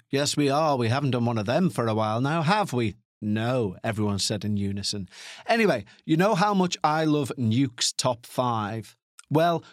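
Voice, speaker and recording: A man's voice: on the high side, dry recording, clean studio sound. A man with a Liverpool accent hosting a podcast, rambling in a chatty, self-mocking way with playful asides. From Northern England. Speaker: podcast host. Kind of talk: rambling casual podcast chat.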